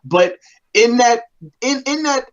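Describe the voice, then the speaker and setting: A man's voice: extremely high pitch, animated, takes it slowly, dull audio. A man co-hosting a wrestling reaction show, ranting heatedly with lots of swearing and repeated phrases. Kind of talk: heated casual chat.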